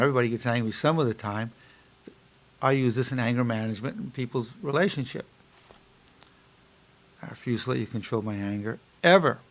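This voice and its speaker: A psychologist in his sixties giving an instructional lecture, emphatic on key points and slow and soft when guiding an exercise. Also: medium pitch. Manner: repeats affirmations slowly and softly during exercise.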